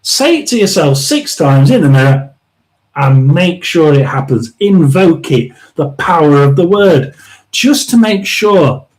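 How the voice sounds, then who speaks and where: Man, tarot live stream host, rambling, emphatic, frequent restarts, somewhat high pitch. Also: big pitch swings, low-quality recording. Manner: rambling, restarts often, clears throat; chatty and emphatic, drawn-out stresses.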